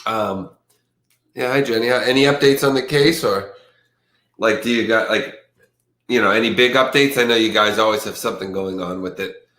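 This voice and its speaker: A man's voice: lowish voice, moderate pace, fairly bright tone. A man hosting a casual livestream who chats loosely with his audience, reads crime news aloud and stumbles over hard words. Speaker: livestream host. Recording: echoey room.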